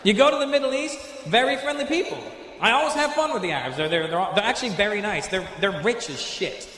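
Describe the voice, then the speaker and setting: A man doing stand-up, working the crowd loudly with a punchy, teasing delivery. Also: high voice, lively intonation, quick pace. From Canada. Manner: loud, teasing, punchy delivery with comic voices. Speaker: stand-up comedian. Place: large theater stage. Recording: echoey live venue with loud crowd noise.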